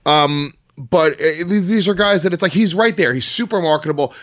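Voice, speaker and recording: A man co-hosting a podcast, pressing his opinions hard and swearing as he goes. His voice is a little higher than most men's, and the sound is dry and close. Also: normal speed, a bit bright, dry recording. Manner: emphatic, opinionated, profane. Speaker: podcast co-host. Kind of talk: casual podcast chat.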